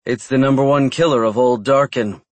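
A man voicing a small, sharp-tongued female vampire with a brisk, sarcastic manner. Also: medium pitch, steady tone, no echo, close to an everyday voice. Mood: worried.

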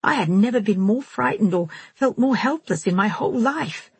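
Audiobook reader, husky low female voice, dry close mic. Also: moderate pace, no room sound. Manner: steady, storytelling first-person. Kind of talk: audiobook narration.

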